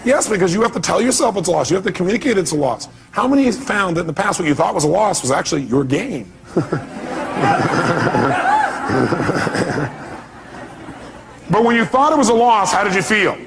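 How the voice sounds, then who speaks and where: A man's voice: high voice, huge pitch swings, normal speed, gravelly, long pauses. A man giving a motivational seminar talk, firing rhetorical questions at his audience. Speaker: motivational speaker.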